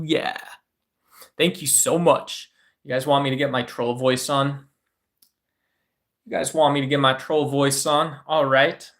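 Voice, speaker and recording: A man's voice: medium pitch, vocal fry, a bit bright. Rambling man chatting on stream. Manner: rambling, with frequent filler words and tag questions. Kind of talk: casual livestream talk to chat.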